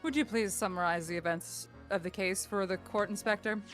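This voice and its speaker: A woman's voice: mid-range voice, a little fast, fairly bright tone, soft background music, natural voice. A woman voicing a stern, formal courtroom prosecutor from a video game, with stiff old-fashioned diction. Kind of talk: reading game dialogue aloud on stream.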